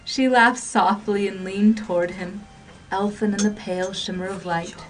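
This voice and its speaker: A woman hosting a radio storytelling program, reading a story with expressive narration. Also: medium pitch, normal speed, far from the mic, soft background music. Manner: expressive, shifting pace and volume with the drama.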